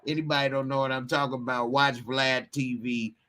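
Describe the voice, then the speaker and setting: A man's voice: medium pitch, level tone, a little fast, bright, forceful tone. A man hosting a casual live stream, laid-back and chuckling as he greets chatters. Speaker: livestream host.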